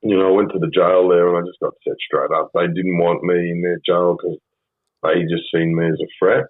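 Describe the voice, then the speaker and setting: Husky low-voiced Australian man, rambling. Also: level tone, brisk, no echo. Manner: rambling, profane, frequent ums. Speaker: podcast guest. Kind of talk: casual storytelling interview. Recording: phone-like band-limited sound.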